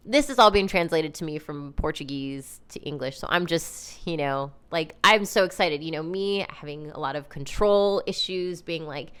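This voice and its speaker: A woman hosting a podcast, telling a personal story in a casual, animated, chatty way, full of "like" and "you know". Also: sits low, normal speed, hardly any pauses, clean tone. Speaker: podcast host.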